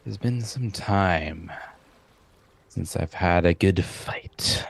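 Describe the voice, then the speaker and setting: A man voicing an arrogant young noble marquis in a tabletop game, speaking formally and slowly. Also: low-pitched, gravelly, breathy edge, exaggerated voice. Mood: haughty. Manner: formal, stately, slow speech.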